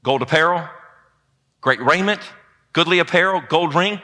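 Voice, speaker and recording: A man preaching a sermon in a church, with a lively call-and-response delivery. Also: a little high, normal speed. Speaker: pastor. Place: church sanctuary.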